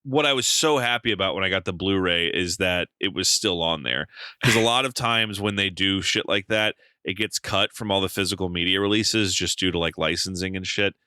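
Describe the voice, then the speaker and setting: A man co-hosting a podcast, telling an animated story in casual chat, swearing freely and using lots of fillers. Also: low voice, a little fast, clear, resonant tone, no room sound. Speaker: podcast co-host.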